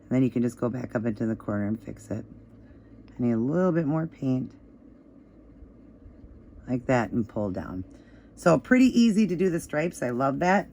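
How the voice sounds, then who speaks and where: A slightly hoarse woman giving a casual, chatty step-by-step nail art tutorial, with easygoing instructions and fillers. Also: extremely low pitch, very animated, moderate pace, pauses often, dark tone, slight background noise. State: slightly hoarse, voice still crackly.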